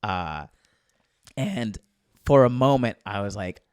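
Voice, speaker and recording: Animated male comedian telling a story. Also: fairly low pitch, slow pace, clean tone, no echo, studio quality. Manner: animated storyteller acting out quotes with profanity. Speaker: stand-up comedian guest. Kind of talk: casual podcast storytelling.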